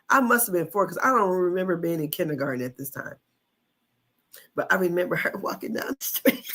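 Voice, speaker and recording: A woman's voice: fairly high pitch, a bit bright. Laughing, swearing woman telling a story. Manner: laughs often, swears freely, says "honey". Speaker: podcast host. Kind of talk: casual storytelling chat.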